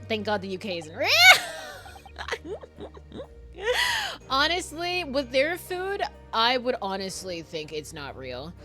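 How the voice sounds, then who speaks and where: Giggly, bright-voiced woman streamer. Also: a little high, big pitch swings, takes it slowly, faint music behind. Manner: giggly, playful and profane. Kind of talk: casual live-stream chat.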